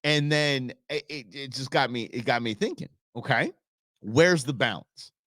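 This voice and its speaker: A man's voice: medium pitch, expressive, moderate pace, a bit bright, no echo, clean studio sound. A middle-aged man hosting a show, telling stories in a rambling, casual way with many restarts. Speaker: show host. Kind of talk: casual podcast monologue.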